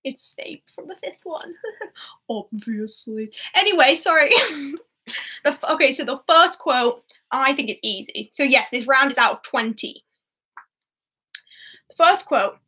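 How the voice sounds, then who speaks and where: A young woman hosts a casual online quiz, chatting and giggling between questions. Her voice sits high and sounds bright and clear. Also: animated, measured pace. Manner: chatty, giggly, reads scores aloud. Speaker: quiz host.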